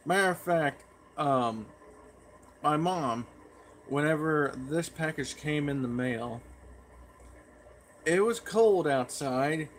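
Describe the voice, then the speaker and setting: A man's voice: fairly high pitch, animated, takes it slowly, long pauses, a little hiss or hum. A man chatting in a folksy, rambling way as a pipe tobacco vlogger. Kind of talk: casual rambling vlog.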